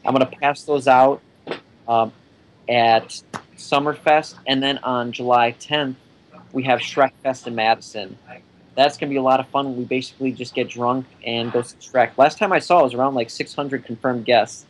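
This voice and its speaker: A man talking casually on a podcast, mid-pitched and unremarkable in tone. He rambles through his plans in a loose, joking way and laughs often. A faint background hum sits under his voice. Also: fairly even intonation, moderate pace, poor audio. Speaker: podcast guest, event organizer.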